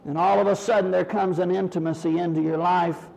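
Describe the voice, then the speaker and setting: High, gravelly preaching man in a hall. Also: fairly quick. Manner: animated preaching that rises to shouts in acted prayers. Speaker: pastor. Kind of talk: sermon. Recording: 1980s church recording with long hall reverb.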